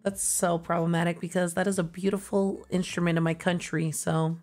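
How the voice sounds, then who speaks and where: A young woman streaming, chatting casually and playfully while running a party game with friends, loud and excitable. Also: on the low side, a little fast.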